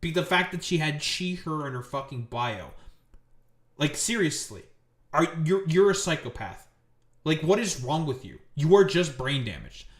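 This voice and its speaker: A male streamer rants about politics, angry and sarcastic and full of profanity. His voice sits somewhat high for a man. It rings in an echoey room. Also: big pitch swings, normal speed. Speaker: streamer host. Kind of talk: political commentary rant.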